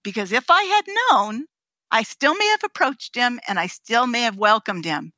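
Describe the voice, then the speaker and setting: Animated high-voiced woman telling a story. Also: normal speed, no echo. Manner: animated, laughs often, acts out voices. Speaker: podcast guest. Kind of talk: anecdotal storytelling.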